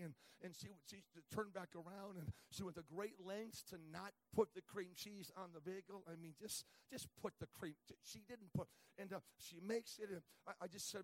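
Male preacher, high voice, dry close sound, animated storyteller who shouts and stammers. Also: brisk, no room sound, low-quality recording. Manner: animated, shouting in acted-out rants; stammering restarts. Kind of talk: sermon storytelling.

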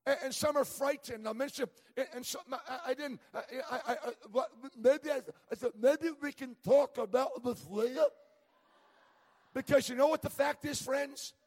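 A middle-aged male evangelist preaches in a church, his voice pitched very high with a husky, breathy edge. He tells humorous stories and trips over quick restarts. A long reverb trails each phrase through the sanctuary. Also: fairly even intonation. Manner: storytelling with humor, many stammered restarts. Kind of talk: sermon.

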